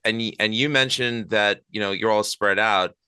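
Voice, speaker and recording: Bright, smooth-voiced man hosting a podcast. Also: fairly low pitch, normal speed, dry recording. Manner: rambling, many fillers and restarts. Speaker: podcast host. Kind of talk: casual interview chat.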